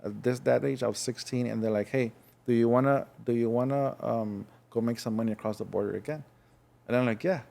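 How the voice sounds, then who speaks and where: A man's voice: medium pitch, gravelly, darkish tone. Young man telling his life story. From Los Angeles. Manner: frank, halting, acts out voices in his story. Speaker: guest. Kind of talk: casual storytelling.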